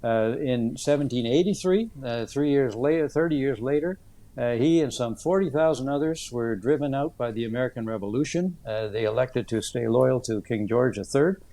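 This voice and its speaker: A man in his seventies, an author answering interview questions in an earnest, thoughtful way, with many "uh" pauses as he tells stories. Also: mid-range voice, mellow. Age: 70s.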